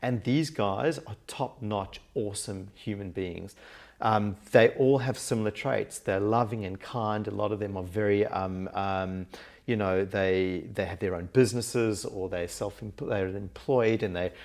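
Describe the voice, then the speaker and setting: A man with an Australian accent, a life coach telling his story in a casual interview, animated and laughing often as he acts out what people said. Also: lowish voice, unhurried. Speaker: guest, mindset and life coach.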